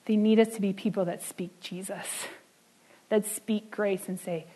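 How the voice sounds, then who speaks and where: A woman preaching a sermon in an earnest way, slowing down and dropping soft on key words. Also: mid-range voice, fairly even intonation, low-quality recording.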